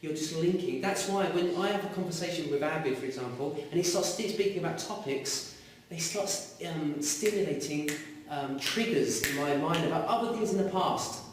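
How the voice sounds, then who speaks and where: A man's voice: on the high side, moderate pace, slight background noise. Man teaching in an echoey classroom. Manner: lively, asks students questions. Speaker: Arabic teacher. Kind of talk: classroom lecture. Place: classroom with students. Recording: echoey room, mic far off.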